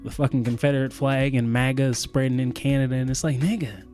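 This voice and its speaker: A man co-hosting a podcast, riffing casually in a profane, animated way. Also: mid-range voice, quick pace, faint music behind. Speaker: podcast co-host. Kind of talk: casual chat.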